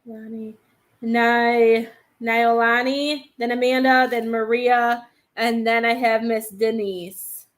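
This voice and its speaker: A woman's voice: fairly high pitch, level tone, slow pace. A woman hosting a live-stream psychic reading, hesitant and thinking aloud as she speaks to viewers by name. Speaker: psychic medium host.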